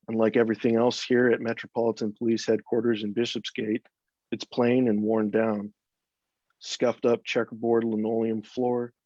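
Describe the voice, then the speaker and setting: A man, an author, reading his own first-person crime story aloud in an even, measured way. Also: medium pitch, no room sound. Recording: dull, dry, lo-fi sound.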